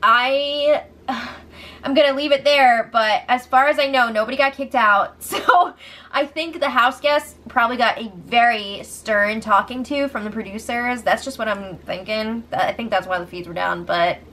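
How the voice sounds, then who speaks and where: A woman recapping a reality show in a casual, animated and gossipy way, swearing freely as she talks. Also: a little high, a little slow, a little hiss or hum.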